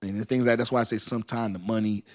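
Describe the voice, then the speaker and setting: A man with a fairly low voice hosts a live stream and talks straight to his viewers. His speech is loose and slangy, and it wanders with frequent restarts. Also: fairly even intonation, very fast. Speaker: crypto channel host. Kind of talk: casual livestream talk to viewers.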